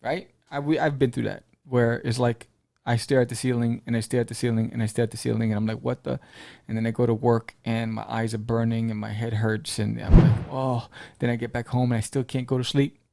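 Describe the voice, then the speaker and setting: A man hosting a casual podcast, retelling a comic's story in a playful, animated way and acting out the characters' lines. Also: medium pitch, fast talker, creaky. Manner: playful, jokes with the listener. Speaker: podcast host reviewing comics. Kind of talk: casual chat.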